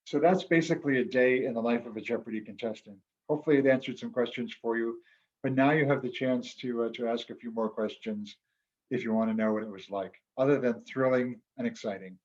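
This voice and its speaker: A man speaks with quiet earnestness, recounting a personal experience to an online club audience. His voice sits at an ordinary middle pitch, and the call audio is a little muffled and dull. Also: brisk. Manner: earnest, reflective, occasionally emotional. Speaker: guest speaker, former quiz show champion. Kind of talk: storytelling talk at an online club meeting.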